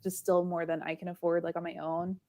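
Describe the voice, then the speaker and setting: A woman's voice: fairly low pitch, little pitch movement, brisk, mellow, no echo. A woman co-hosting a casual livestream chat, telling a story with frequent laughs and lots of "like" fillers. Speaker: livestream co-host.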